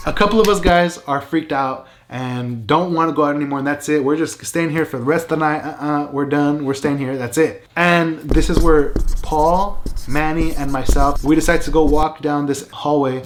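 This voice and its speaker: A man telling a true story to camera in a casual, animated way, full of "like" and "right?". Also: on the high side, slight background noise. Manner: animated, emphatic, many "like" and "right?" fillers. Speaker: vlogger.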